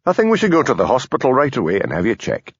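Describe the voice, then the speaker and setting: A man reading aloud, voicing a patient police constable with a Scottish Highland accent and a mild, dry way of talking. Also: wildly swooping pitch, quick pace, husky, no room sound, highs cut off, exaggerated voice.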